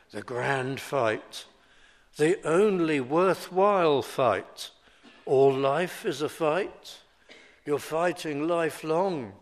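A man preaching a sermon, explaining scripture in a measured expository way and slowing down to stress the verses he quotes. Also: on the high side.

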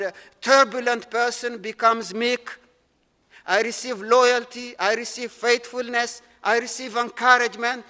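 A man preaches with earnest, repetitive emphasis, building his points phrase by phrase. His voice sits high and rings bright. The sound carries a long, lingering hall reverb. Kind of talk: sermon.

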